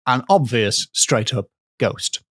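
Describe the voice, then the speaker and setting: Guy telling a spooky tale for laughs, ums and pauses, dry mic. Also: mid-range voice, expressive, fairly bright tone, no room sound. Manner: playful, with filler pauses. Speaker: podcast co-host and storyteller. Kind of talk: comedic storytelling.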